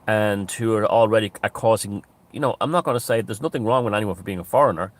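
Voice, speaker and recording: Ranting Irish man, low voice. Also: quick pace. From Ireland. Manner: ranting, scornful, sometimes mimics others in a higher voice. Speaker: political commentator. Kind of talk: monologue commentary.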